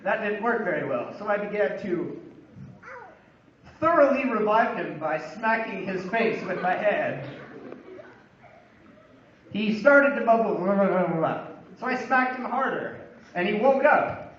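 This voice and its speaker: A man's voice: high-pitched, lively intonation, a little slow, pauses often, a bit bright, a little hiss or hum. A man telling a humorous story about himself as a monologue, with wry, building comic exasperation. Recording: very echoey, distant, dull room recording.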